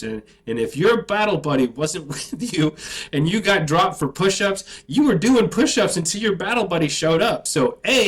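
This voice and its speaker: A man, an army veteran, telling a casual, profane, animated story about basic training. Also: a little high, low-quality recording.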